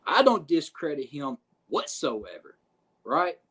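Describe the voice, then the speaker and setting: A man telling a backstage wrestling story on a podcast, animated and profane, acting out what others said. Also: a little high, slow, husky. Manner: profane, animated retelling with quoted voices. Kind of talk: casual storytelling.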